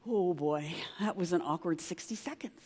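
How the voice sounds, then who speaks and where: A woman giving a conference talk as a leadership consultant, telling a story in an emphatic, conversational way with quick asides to the audience. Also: on the low side, a little mellow, slightly rough. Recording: long reverb of a large hall.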